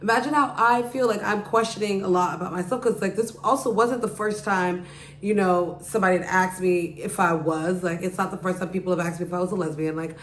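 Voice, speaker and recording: A woman with a fairly low, steady voice hosts her podcast, telling a story at a brisk clip in a rambling way, packed with "like" and "you know." The room is echoey, with a little hiss or hum underneath.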